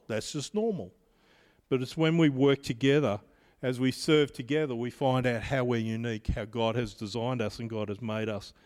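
Man, 50s, pastor, sermon, measured storytelling, long hall reverb. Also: mid-range voice.

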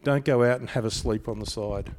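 A man delivering a sermon in an animated, conversational way, telling stories to his congregation. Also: medium pitch, a little fast, a little hiss or hum. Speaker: preacher. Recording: reverberant hall.

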